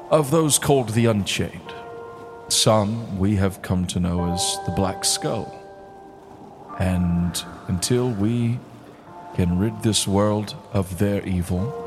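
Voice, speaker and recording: A man voicing a grieving male sea captain who gives a formal, stately eulogy. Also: lowish voice.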